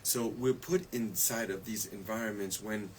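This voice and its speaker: A man's voice: lowish voice, moderate pace, a little hiss or hum, poor audio. A man as a radio guest, chatting casually about stress and wellness, laughing often and asking "you see?".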